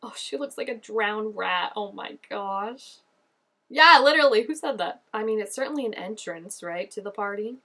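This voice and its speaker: A woman giving casual reaction commentary on a TV episode. She gushes and chats, fills her talk with "like" and "oh my gosh", and jumps up in pitch when excited. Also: normal speed. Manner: gushing and chatty, full of "like" and "oh my gosh". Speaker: show reaction vlogger.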